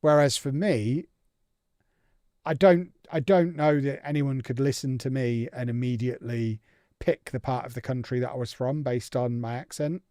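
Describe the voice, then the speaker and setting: An English man chatting casually on a live stream while he plays a game, thinking out loud and reacting to it. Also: mid-range voice, fairly even intonation, moderate pace, dry recording, clean studio sound.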